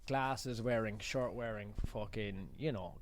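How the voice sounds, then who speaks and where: A man's voice: fairly low pitch, unhurried, noisy background. A young Irish man, a comedian guest, telling crude stories in casual podcast chat with plenty of swearing. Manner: crude, heavy swearing, storytelling banter.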